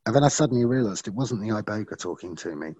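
A man tells his personal story in an earnest, reflective way as a podcast guest. His voice is low and husky, and it often slows for emphasis. The sound is dry and close. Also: expressive, warm tone, dry recording, dull audio.

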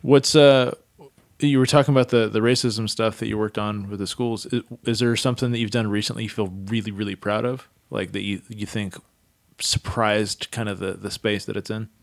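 A man asks relaxed, halting questions in a casual interview, restarting his sentences as he goes. His voice is recorded close and dry, with no room sound. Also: on the low side, vocal fry, dry recording. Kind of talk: casual conversation.

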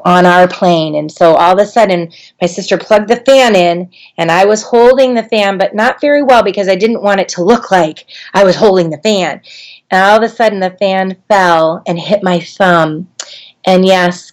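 Chatty woman trainer telling a story. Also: on the low side. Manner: conversational, animated in storytelling, frequent ums. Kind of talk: instructional talk with personal story.

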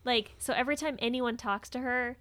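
A woman's voice: on the high side, steady tone, a little fast, a bit bright. A woman co-hosting a casual movie podcast, giving frank opinions with lots of "like" and "I mean.". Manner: frank, hedging with fillers. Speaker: podcast co-host.

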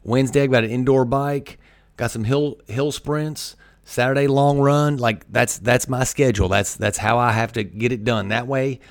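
A man's voice: medium pitch, fairly even intonation, normal speed, dry recording, clean studio sound. A man hosting a podcast, talking energetically about discipline and repeating his key points for emphasis. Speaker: podcast host. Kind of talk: motivational podcast monologue.

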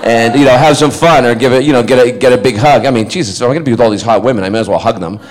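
Animated, rambling male storyteller. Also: mid-range voice, very fast, some chatter behind, rough recording. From Scotland. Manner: animated, rambling, acts out quoted voices and laughs often. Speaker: actor telling a story to fans. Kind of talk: casual anecdote at a convention.

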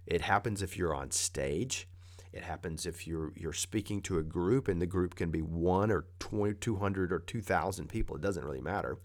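A man's voice: sits low, moderate pace, darkish tone. A man giving a conversational motivational talk, coaching with plain repeated advice.

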